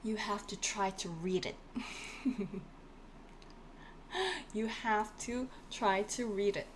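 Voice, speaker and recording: A woman's voice: mid-range voice, slow, slight background noise. A woman teaching a live online language class, encouraging her students and repeating each word again and again, with frequent laughs. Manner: encouraging, repeats words for drilling; laughs often, playful asides.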